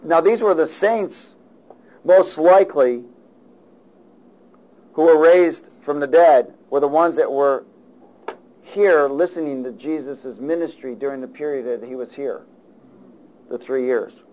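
A man preaching a sermon and reading scripture, calling out to the congregation and swinging between loud and soft. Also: a little high, measured pace, long pauses, rough recording. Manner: call-and-response, rises loud and falls soft.

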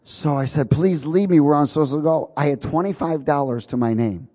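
A man's voice: on the high side, a little fast, dark tone, slightly rough, big-room sound. A man preaching a sermon, telling a personal story in a folksy, chuckling way.

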